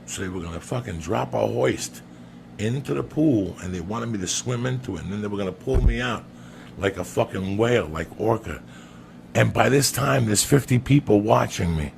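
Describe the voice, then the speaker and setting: Gravelly low-voiced man telling stories. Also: moderate pace, background noise. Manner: profane, animated storytelling. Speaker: podcast guest. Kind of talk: storytelling anecdote.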